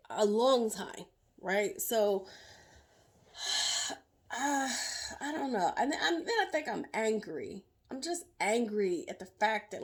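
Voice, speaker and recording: A middle-aged woman sharing her own story as a survivor, in emotional, halting personal testimony full of fillers and restarts. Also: medium pitch.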